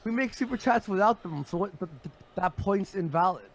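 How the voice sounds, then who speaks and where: High gravelly mocking man. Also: animated, a little fast. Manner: mocking, mimics critics in put-on voices. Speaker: show co-host. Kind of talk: heated profane podcast banter.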